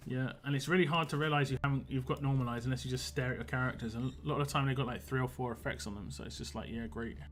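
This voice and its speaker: Casting note: male game streamer, West London accent, mid-pitched, rambling and chatty with viewers. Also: fairly even intonation, racing, hardly any pauses, fairly bright tone, slight background noise. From England. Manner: chatty and rambling, answers chat as he plays. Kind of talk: casual livestream chat while playing.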